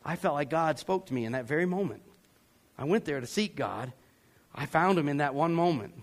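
Animated man preaching. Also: a little high, fairly quick. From Georgia, US. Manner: animated, acts out voices and yells for effect. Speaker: pastor. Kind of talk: sermon storytelling.

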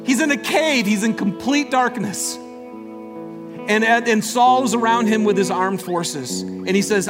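A man preaching a sermon as pastor, swinging from loud emphatic lines to hushed, near-whispered ones. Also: sits high, slow, music in the background.

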